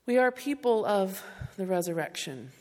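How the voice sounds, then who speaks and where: A woman's voice: medium pitch, sing-song, normal speed, darkish tone, long reverb tail. A woman pastor preaching a sermon, speaking tenderly and directly to her congregation.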